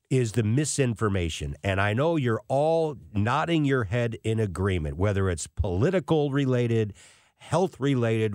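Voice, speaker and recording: A man's voice: fairly low pitch, darkish tone, dry recording, studio quality. A man in his sixties telling self-deprecating anecdotes in a casual monologue as a financial commentator. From United States.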